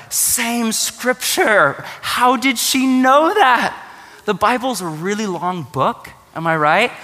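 Man preaching, fairly high voice, bright and tense tone, long church-hall reverb, chatty with jokes. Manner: conversational, joking asides. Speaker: pastor. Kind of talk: sermon.

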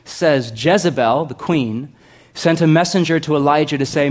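A man preaching a sermon, conversational and animated, swinging from loud to hushed with humorous asides. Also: medium pitch, normal speed. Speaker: pastor.

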